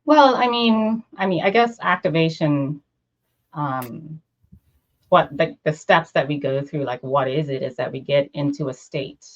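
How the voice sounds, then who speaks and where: A woman's voice: low-pitched, measured pace. A woman co-hosting a casual talk, affirming her guest and asking her questions. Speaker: co-host. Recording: dull lo-fi audio.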